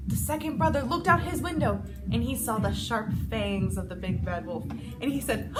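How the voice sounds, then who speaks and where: A woman who works as a children's gym instructor, reading a storybook aloud for kids in an animated, sing-song manner. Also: on the high side, normal speed, music in the background.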